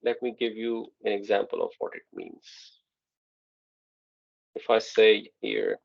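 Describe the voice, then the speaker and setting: A man's voice: on the low side, fairly even intonation, unhurried, creaky. Man teaching an online class, lo-fi. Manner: patient, checks understanding often. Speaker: Arabic teacher.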